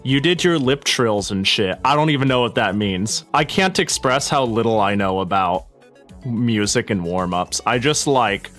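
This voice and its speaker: A male streamer rambling through a casual live chat, his pitch bouncing up and down a lot as he self-interrupts and swears. He talks slowly and sounds a little out of breath, with faint music playing behind him. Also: fairly bright tone. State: slightly out of breath.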